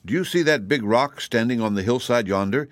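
A man voicing a calm, kindly little old wizard in an audiobook reading. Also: medium pitch, brisk, dry recording, voice pushed up, close to an everyday voice.

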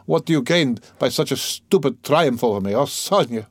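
A man reading an audiobook, voicing a brooding young man who talks in a weary, low, muttering way. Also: animated, moderate pace, husky, dry recording. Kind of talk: audiobook character voice.

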